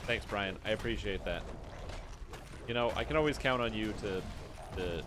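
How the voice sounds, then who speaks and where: A man's voice: on the low side, moderate pace, background noise. A man streaming a game, chatting casually, joking around and answering his chat in a rambling way. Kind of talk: casual gameplay commentary.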